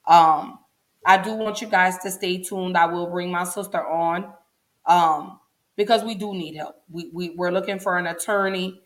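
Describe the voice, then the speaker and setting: A woman's voice: lowish voice, fairly even intonation, moderate pace, fairly bright tone. Woman, 40s, livestream host, chatty and emotional, addresses viewers directly. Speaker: show host. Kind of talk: casual livestream talk.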